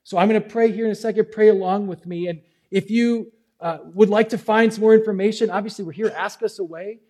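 Pastor guy preaching, pretty high voice, dark mellow sound, pleading then soft. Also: steady tone, fairly quick. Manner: earnest, pleading, swings between loud and quiet. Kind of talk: sermon. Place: church service.

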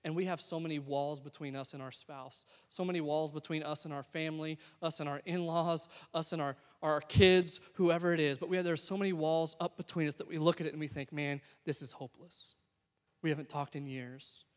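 A man preaches a sermon, with a fairly high voice. He talks in a loose, conversational way and drops in joking asides. His voice carries a long reverb from the church hall. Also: fairly even intonation, a little fast. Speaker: pastor.

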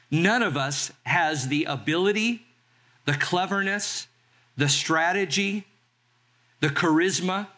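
A man in his sixties from Southern California, a pastor preaching a sermon in a conversational way and slowing down to read scripture. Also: a little high, sharp tone. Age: 60s. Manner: conversational, reads scripture slowly.

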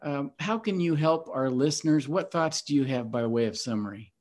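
Guy hosting a bible podcast, earnest preachy delivery, kinda high voice. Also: normal speed, darkish tone. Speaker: host.

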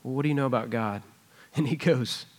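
A man's voice: mid-range voice, fairly quick, a little mellow. A man preaching a sermon in a church, conversational and earnest as he retells a personal story. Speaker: pastor. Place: church sanctuary.

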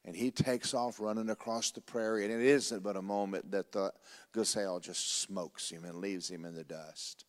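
Folksy male pastor, animated sermon storytelling, reverberant hall. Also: lowish voice, normal speed.

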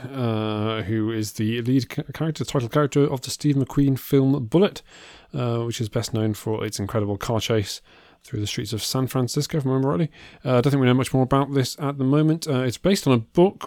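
A man's voice: medium pitch, a little mellow, no echo. A man co-hosting a casual film podcast, talking in a dry, hesitant way with many uh's and restarts. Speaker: podcast co-host. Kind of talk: casual film news chat.

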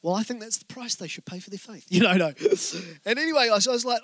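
A male pastor giving a sermon, telling stories in a joking, conversational way and speaking straight to the congregation with quick asides. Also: sits high, a bit bright, no room sound. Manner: joking, conversational storytelling from the pulpit.

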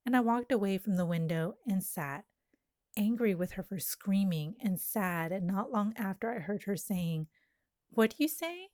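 A woman reads a poem aloud in an intimate, lyrical manner, lingering on images. Her voice is warm and mellow at a middle pitch. The sound is dry and close, with no room echo. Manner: slow, lyrical, intimate delivery. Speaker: poet. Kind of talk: poetry reading.

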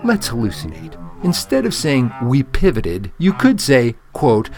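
A man's voice: mid-range voice, wildly swooping pitch, unhurried, few pauses, a little mellow. A man hosting his own show, delivering a blunt, profane, mock-angry rant. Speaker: podcast host.

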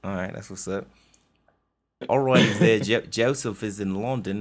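A man's voice: low-pitched, fairly even intonation, normal speed. A man hosting a podcast, bantering loosely and laughing often with his co-hosts. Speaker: podcast host. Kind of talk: casual banter.

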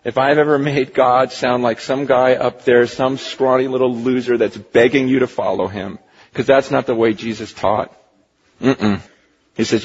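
A male pastor delivering an impassioned sermon, swinging from hushed to near-shouting, with a husky voice. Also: mid-range voice, steady tone, normal speed. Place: church sanctuary. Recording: lo-fi recording with long hall reverb.

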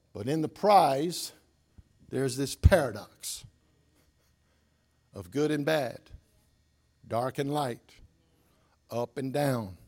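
A man preaching a sermon as pastor. He drags words out with long pauses and repeats lines for the congregation to say back, moving between loud exclamations and soft, low asides.

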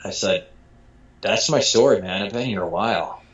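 Male storyteller from Michigan, animated, acts out dialogue, curses freely, muffled lo-fi sound. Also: fairly low pitch, moderate pace. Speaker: storyteller guest. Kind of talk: casual anecdote telling. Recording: dull lo-fi sound.

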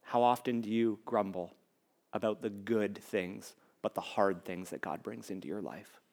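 A man preaching a sermon as a pastor, talking conversationally, building to emphatic repeated lines and dropping to hushed near-whispers. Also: fairly low pitch, normal speed, creaky.

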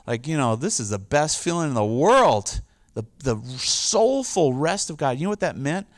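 A man's voice: a little high, big pitch swings, moderate pace, no echo, studio quality. A middle-aged man preaching a casual, conversational sermon, loose and informal with lots of "like" and "you know". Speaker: pastor.

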